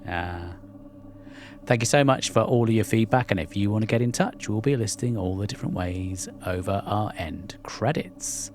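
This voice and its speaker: A man's voice: fairly low pitch, normal speed. A man co-hosting a podcast in casual chat, easygoing, with brief replies and questions for his guest. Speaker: podcast co-host.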